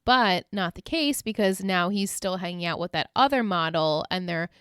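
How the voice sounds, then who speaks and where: Smooth-voiced woman recapping a show. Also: on the low side, moderate pace, dry recording, clean studio sound. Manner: animated retelling with quoted character voices, laughing often. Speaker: podcast co-host. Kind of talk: casual recap chat.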